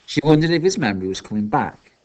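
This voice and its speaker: A man's voice: medium pitch, animated, fast talker. A man reading a children's novel aloud as scripted narration, telling the story expressively. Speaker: audiobook reader.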